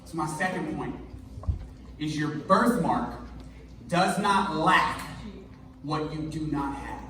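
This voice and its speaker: A male pastor preaching a sermon in an energetic, conversational, jokey way, recorded in a church hall. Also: fairly high pitch, slow. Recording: echoey hall, mic far off.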